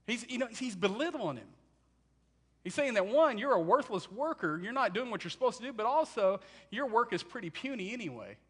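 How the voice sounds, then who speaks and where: A man preaching a sermon, telling the story in an animated way and acting out what people say. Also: very high-pitched, a little fast, husky.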